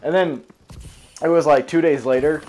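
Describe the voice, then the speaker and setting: A man's voice: fairly high pitch, steady tone, normal speed, darkish tone, soft background music. Rambling, profane young man telling a story. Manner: rambling, profane, self-correcting. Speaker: storyteller recounting a school memory. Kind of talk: casual storytelling vlog.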